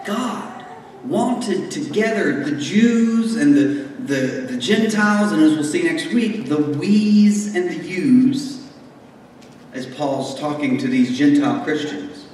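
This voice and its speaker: A man with a high voice preaching a conversational sermon with jokes and asides, taking his time between phrases. He sounds far from the mic in a large hall, with long reverb ringing around him and faint room noise behind. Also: animated, slow pace, a little mellow. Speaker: pastor.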